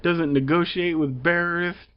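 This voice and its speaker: A man's voice: fairly high pitch, steady tone, unhurried, clean tone, lo-fi sound, voice pushed up, lightly acted. A man voicing a flustered male government official under pressure, in a raised, urgent comic delivery.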